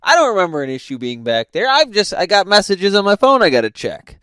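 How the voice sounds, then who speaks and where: A man telling a casual story in a profane, laughing, animated way. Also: high voice, brisk, clear, resonant tone, no room sound, studio quality. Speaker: host.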